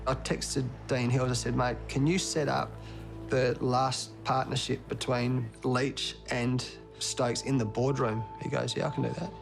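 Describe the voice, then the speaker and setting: Aussie coach guy, frank and blunt, gravelly, mic kinda far off. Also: mid-range voice, little pitch movement, a little slow, reverberant, music in the background. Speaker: cricket team coach. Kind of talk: documentary interview and team talk. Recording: distant mic.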